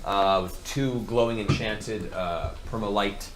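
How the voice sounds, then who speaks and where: A man narrating as game master in a tabletop game, describing scenes vividly and pausing often on "uh". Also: on the low side. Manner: animated storyteller with frequent "uh" pauses. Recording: noisy live stream recording.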